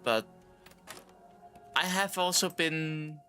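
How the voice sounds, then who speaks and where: Male game streamer, tipsy and rambling, bright voice, soft music behind. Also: fairly high pitch, extremely slow. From Canada. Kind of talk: casual game commentary.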